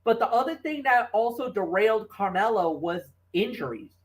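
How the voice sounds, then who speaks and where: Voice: medium pitch, expressive, normal speed, low-quality recording. A sports talk show co-host chatting casually, telling stories and talking players, rambling with fillers and restarts.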